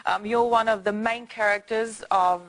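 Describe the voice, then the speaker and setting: A woman's voice: mid-range voice, fairly even intonation, normal speed. A woman whose first language is German, hosting a TV studio interview, upbeat and switching between German and English. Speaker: TV show host.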